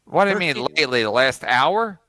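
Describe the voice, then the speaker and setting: A man's voice: fairly high pitch, lively intonation, brisk, bright, forceful tone, no echo. A man on a group podcast call, taunting the others with crude insults. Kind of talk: casual group call banter.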